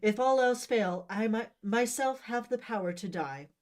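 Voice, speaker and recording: A tragic young heroine declaims antique verse with heavy theatrical despair, her lines rising and swelling. A woman voices her, putting it on for a storybook reading. The delivery is grand and deliberately overdone. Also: a little high, darkish tone, pitched above the performer's own voice, close to an everyday voice. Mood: vengeful. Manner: overwrought mock-Shakespearean declaiming.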